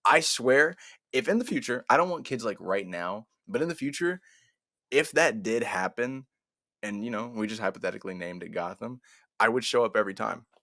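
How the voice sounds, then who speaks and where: A young man co-hosting a casual podcast chat, loud and animated, swearing and laughing often. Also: fairly low pitch, fairly quick, no room sound, studio quality. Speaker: podcast co-host.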